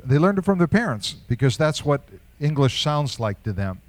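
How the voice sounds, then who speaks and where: A man's voice: mid-range voice, animated, fairly quick, few pauses, no echo. An older man preaching a sermon in a conversational way, asking rhetorical questions and chuckling now and then. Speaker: pastor.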